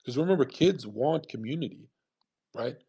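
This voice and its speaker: Man, husky voice, mid pitch; rambling profane commentary host. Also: animated, normal speed, dark tone. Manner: rambling, profane, emphatic, restarts often. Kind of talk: casual monologue commentary.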